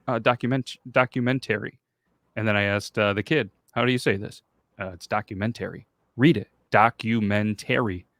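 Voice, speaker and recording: A man's voice: mid-range voice, fairly bright tone, no room sound, studio quality. A man hosting a podcast, rambling casually and swearing in loose banter. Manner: rambling, swearing, self-conscious. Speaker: podcast host.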